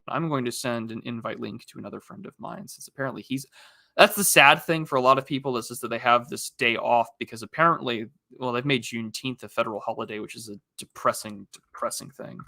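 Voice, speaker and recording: A man's voice: medium pitch, pushed and bright, dry recording, studio quality. A man hosting a casual livestream, rambling through topics with many fillers and restarts while answering chat. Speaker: livestream host.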